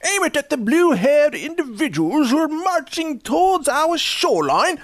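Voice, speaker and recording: A man's voice: extremely high pitch, sing-song, normal speed, no echo, clean studio sound, voice pushed up, full character voice. A man putting on a prim British man with a British accent, stiff and overly formal. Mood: pompous.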